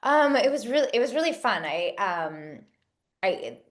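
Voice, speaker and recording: A woman's voice: mid-range voice, very animated, unhurried. A woman in her thirties, an actress and producer, chatting in an interview and rambling with many fillers and restarts. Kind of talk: casual interview chat.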